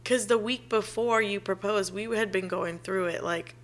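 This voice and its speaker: A woman's voice: mid-range voice, moderate pace. A young woman co-hosting a casual chat, telling a story animatedly, acting out quotes and laughing often. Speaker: podcast co-host.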